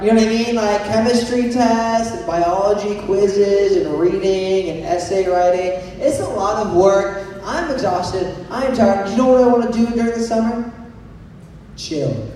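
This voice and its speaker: A young man leads a youth sermon, playful and full of jokes, regularly asking his audience to raise their hands. His voice sits fairly high with a mellow tone. He is recorded from a distance in a large hall with a long, echoing reverb and faint background noise. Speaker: youth pastor. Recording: echoey hall recorded from far off.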